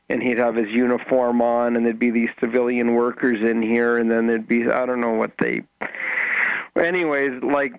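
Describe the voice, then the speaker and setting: A man who is a guest on a radio talk show, chatting casually in a rambling, halting way with many restarts. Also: medium pitch, clean tone, no room sound, lo-fi sound. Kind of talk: casual chat.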